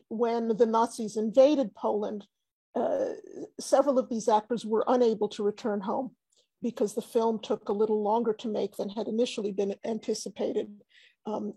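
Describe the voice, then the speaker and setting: Woman academic speaker, slow, gravelly and husky, hesitant; video call audio, dry. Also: fairly high pitch, a little mellow, no room sound. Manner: hesitant, many fillers and restarts. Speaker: academic panelist. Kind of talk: academic talk over screen share.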